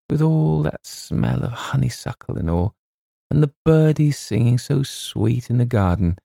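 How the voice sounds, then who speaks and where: A man voicing a gruff middle-aged Scottish literary agent with a quavering voice, blunt and then tearfully wistful. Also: on the low side, mellow, no room sound, studio quality, full character voice.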